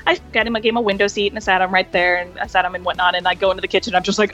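A woman guest in a casual interview, telling lively stories, laughing often and acting out voices. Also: mid-range voice, rapid-fire, lo-fi sound, faint music behind. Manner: animated, laughs often, acts out quoted voices. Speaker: interview guest, hotel hospitality worker.

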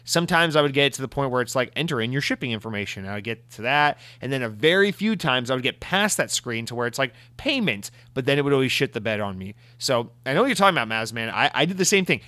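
This host's voice sits a little high, and the recording has no room sound. Working through listener mail, he launches into a profane, exasperated rant, lively and casual, putting on mock voices as he goes.

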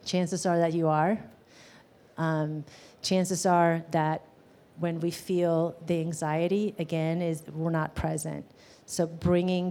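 A woman's voice: lowish voice, steady tone, a little slow, darkish tone. A woman teaching a live class on gestalt therapy, talking casually with many "um"s and questions to the audience.

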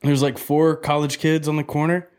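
Slightly high male voice, lively, swears freely, animated storyteller. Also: normal speed, smooth. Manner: animated, profane, acts out quotes in a loud excited voice. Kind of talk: casual storytelling chat.

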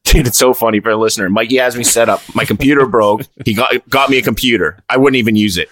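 A man's voice: mid-range voice, fast talker. A man co-hosting a podcast in casual chat, rambling and swearing as he tells stories. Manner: rambling, profane, animated storyteller. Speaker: podcast co-host.

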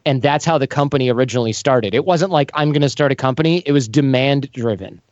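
Animated man telling stories in an interview. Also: medium pitch, fast talker, no room sound, highs cut off. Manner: animated, acts out quoted voices. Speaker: podcast host as guest. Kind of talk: casual storytelling interview.

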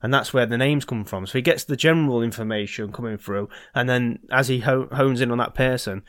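A man's voice: mid-range voice, brisk, fairly bright tone, dry recording, studio quality. A man hosting a podcast, telling a story in a rambling, hesitant way with lots of ums and restarts, now and then swearing. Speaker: podcast host. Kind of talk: casual storytelling chat.

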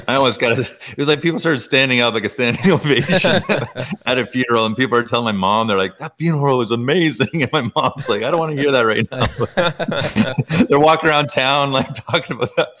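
A man from Canada, a guest author, telling personal stories in an interview, full of fillers and sudden jumps up in pitch. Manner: animated, filler-heavy, frequent jumps up in pitch. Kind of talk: emotional personal storytelling in an interview.

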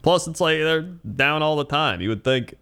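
A man's voice: fairly high pitch, expressive, moderate pace, bright, forceful tone, clear, resonant tone. A man co-hosting a podcast, reacting with laid-back, wry comments in casual chat. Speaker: podcast co-host.

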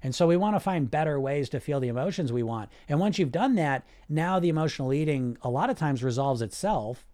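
A man's voice: fairly high pitch, fairly quick, few pauses. A man hosting a podcast as a weight loss coach, talking directly and casually, often throwing in rhetorical questions and check-ins. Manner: direct and animated, asks rhetorical questions and checks in with "right?" and "you see?"; casual, sometimes swears.

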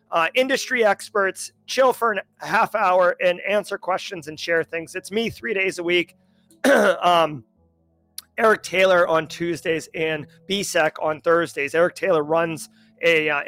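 This male host of a daily cybersecurity news livestream has a high, bright voice tinged with a mild Massachusetts accent. He chats casually with viewers in a jokey, loose way, saying "like" a lot and restarting often.

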